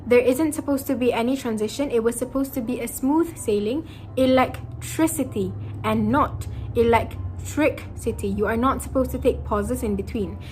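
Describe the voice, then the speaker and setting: A woman's voice: a little high, brisk, hardly any pauses, a little mellow, soft background music, low-quality recording. A young woman reading a prepared pronunciation lesson aloud and stretching out the example words. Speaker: student presenter.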